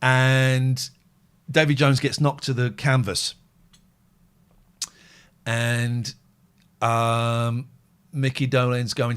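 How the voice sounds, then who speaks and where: A man hosting a phone-in show in casual chat, rambling and excitable, swinging between loud outbursts and quiet musing. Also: medium pitch, slow, long pauses, clean tone.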